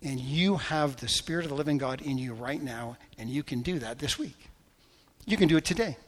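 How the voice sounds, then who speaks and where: A man pastor preaching a sermon before a congregation, telling a story earnestly and praying with fervor, with soft, intense drops. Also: medium pitch, expressive, brisk. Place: church sanctuary before a congregation. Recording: echoey church hall.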